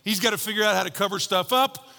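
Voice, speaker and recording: A man preaching a sermon, telling a story with lively quoted voices and shifting from bold to hushed. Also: sits high, fast, vocal fry, long reverb tail, faint music behind. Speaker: pastor.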